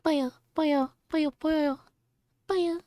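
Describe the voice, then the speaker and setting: Squeaky Kirby babbling, put on by a woman. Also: fairly even intonation, very slow, dark tone, no echo, clean studio sound. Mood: cheerful babbling. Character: tiny cute round pink creature, cheerful.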